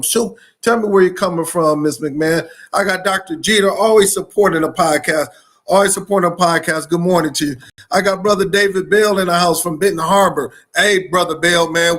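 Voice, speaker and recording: Energetic high-voiced male live-stream host. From Michigan. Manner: energetic, repetitive shout-outs. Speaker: host of live education show. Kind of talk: live-stream talk to viewers.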